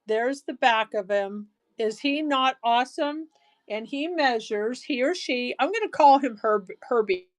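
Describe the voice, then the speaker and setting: A woman hosting a live-stream jewelry auction, chatty and excitable, gushing over each piece. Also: fairly high pitch, a little slow. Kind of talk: live auction selling chat.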